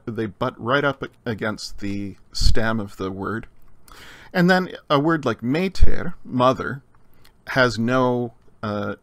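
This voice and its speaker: A male teacher gives a recorded grammar lesson in a measured, explanatory way, pausing with frequent fillers. His mid-pitched voice has a gravelly edge. The sound is dry and close, with no room around it. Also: fairly bright tone, no echo. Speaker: Greek teacher. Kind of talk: recorded lecture.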